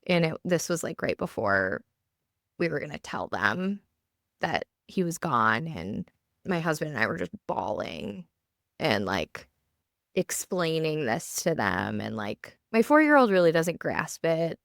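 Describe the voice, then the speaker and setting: Woman, 30s, low pitch, podcast co-host, casual chat, halting with fillers, dry close sound. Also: very animated, creaky, fairly bright tone, dry recording. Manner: halting, full of "like" fillers and restarts. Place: home basement.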